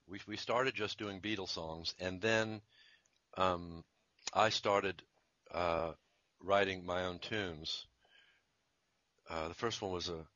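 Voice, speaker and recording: Deep-voiced, bright-toned man telling stories. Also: no echo, lo-fi sound. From Virginia, USA. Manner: rambling, chuckling, self-interrupting. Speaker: jingle composer and musician. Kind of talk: conversational interview storytelling.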